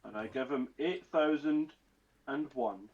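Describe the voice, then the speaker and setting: A man's voice: mid-range voice, unhurried. A man playing a tabletop game, joking around playfully as he talks. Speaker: player. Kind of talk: casual tabletop play. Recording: dull lo-fi mic.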